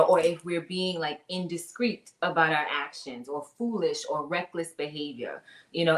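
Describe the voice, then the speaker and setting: A woman's voice: fairly low pitch, a bit bright. A woman hosting a casual ministry talk show, chatting and reading out viewer comments. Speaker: host.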